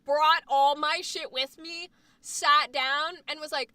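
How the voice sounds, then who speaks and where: A woman streamer in casual chat, animated and profane, swinging between loud and soft. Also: high-pitched, slow pace, dry recording. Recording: dry sound, voice a bit far from the mic.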